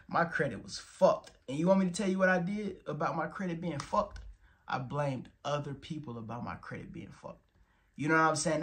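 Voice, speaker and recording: A young man in his twenties giving a blunt, profane motivational talk, stressing words and checking in with "you feel me". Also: mid-range voice. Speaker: motivational vlogger. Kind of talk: casual motivational monologue.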